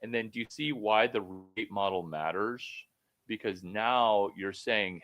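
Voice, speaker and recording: A man with a fairly low voice talks through a one-on-one coaching call. He is blunt and swears freely. He rambles, then jumps into sudden loud bursts. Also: normal speed. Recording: phone call.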